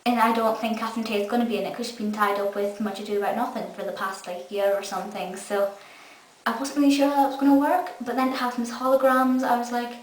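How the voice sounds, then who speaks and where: A young Scottish fan reviewer talks fast in a fairly high, steady voice, gushing enthusiastically through a casual episode review. The mic is far off in an echoey room, with a faint hiss.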